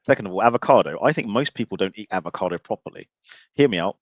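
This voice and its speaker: Fast-talking blunt man hosting a livestream. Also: fairly low pitch, no room sound, muffled recording. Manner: blunt, animated, swears casually. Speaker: podcast host. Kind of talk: casual livestream chat.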